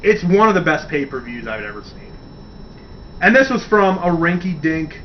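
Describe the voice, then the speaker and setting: A radio host talks in a loose, rambling way, excited about his subject and cursing freely. His voice sits a bit high for a man. The recording is dull and set back from the mic, with a faint hiss underneath. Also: normal speed, distant mic. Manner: enthusiastic, rambling, swears casually. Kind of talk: casual wrestling talk segment.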